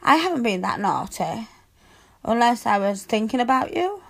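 A woman's voice: fairly high pitch, sing-song, normal speed, vocal fry, full character voice. A woman voicing a needy, pouty young adult cat girl in an adult audio role-play, whining and pleading, with meows mixed in. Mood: teasing. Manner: whiny and pleading, sprinkled with meows.

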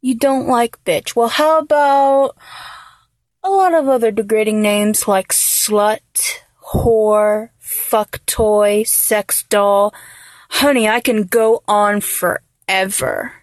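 A woman's voice: a little high, steady tone, takes it slowly, dry recording. A young woman in a dominant audio role-play, taunting and mocking her listener with frequent laughter and drops into a whisper.

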